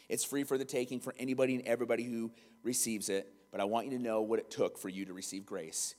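A man's voice: medium pitch, fairly even intonation, a little fast, long reverb tail. A man preaching a sermon as pastor, emphatic and acting out little scenes for his listeners.

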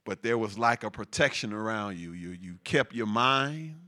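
A man delivers a sermon in a fairly low voice at a normal speed, reading from scripture and slipping into lively, laughing asides where he repeats words for emphasis.

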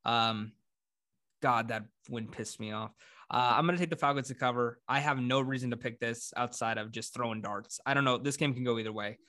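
Excitable man hosting a casual sports chat. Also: medium pitch, fairly quick. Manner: excitable, laughs, mock British accent briefly. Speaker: podcast host.

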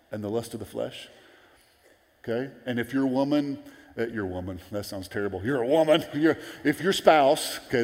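A man in his forties preaching a sermon, telling stories in a lively way and acting out the voices of the people he quotes. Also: medium pitch. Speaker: pastor. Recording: long hall reverb.

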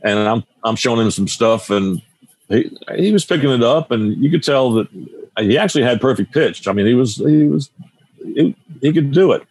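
A man's voice: medium pitch, animated, moderate pace, a little mellow, husky, no echo. A man in his sixties, a guitar teacher and radio broadcaster, telling stories in a casual interview, rambling and often restarting his sentences.

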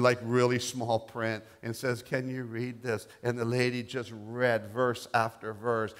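A middle-aged male pastor preaching a sermon, telling a testimony softly and rising to loud, impassioned declarations. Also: mid-range voice. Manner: quiet storytelling building to loud, impassioned declarations.

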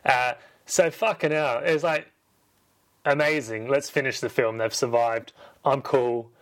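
A man breathlessly recapping an action film, peppering it with swearing. He jumps into quick impressions of the characters as he goes. His voice sits at an ordinary middle pitch. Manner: animated, swears a lot, acts out lines. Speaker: podcast host retelling a film. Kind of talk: excitable casual recap.

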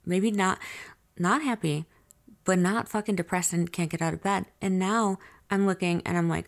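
Candid podcast host, a woman with a lowish, gravelly voice who tells her story straight to the listeners. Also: fairly even intonation, moderate pace. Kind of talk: confessional diary storytelling.

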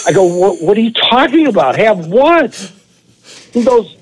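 Animated high-voiced man telling stories. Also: a little slow, slightly rough, poor audio. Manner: animated, profane anecdote teller. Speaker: podcast co-host. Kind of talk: casual storytelling.

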